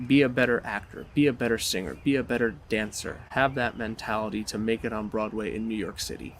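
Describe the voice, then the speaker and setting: A man giving a motivational talk, telling his personal story in an animated, dramatic way. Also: medium pitch, slight background noise. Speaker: motivational speaker.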